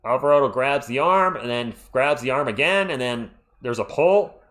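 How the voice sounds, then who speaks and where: Here a man with a medium-pitched voice and an even, moderate pace hosts a live play-by-play stream. As an unabashed fan, he calls the action excitably, leans clearly toward one side, and chats with viewers by shouting them out from the chat.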